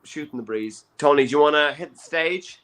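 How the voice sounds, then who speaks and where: Male comedy host, playful and jokey, bright slightly high voice. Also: a little fast. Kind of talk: casual comedy chat.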